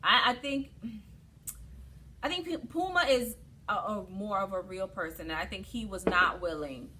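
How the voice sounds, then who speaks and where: A woman co-hosting a casual chat, telling stories in an animated, opinionated way. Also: mid-range voice, normal speed. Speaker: podcast co-host.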